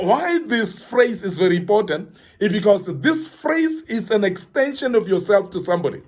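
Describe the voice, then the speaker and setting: Man, high voice, earnest motivational speaker, emphatic and repetitive. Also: very animated, normal speed, a little mellow. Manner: earnest, emphatic, repeats phrases for stress. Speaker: forum speaker addressing young men. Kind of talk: motivational talk.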